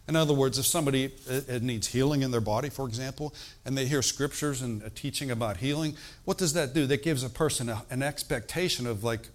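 An older man, a pastor, teaching a sermon in an easygoing, talky way and often checking in with the congregation. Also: medium pitch. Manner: conversational preaching with frequent call-and-response asides.

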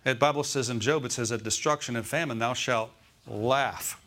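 A man's voice: medium pitch, normal speed, fairly bright tone. Man preaching a Sunday sermon. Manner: preaching with call-outs of "Amen?" and "Okay?". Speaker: pastor.

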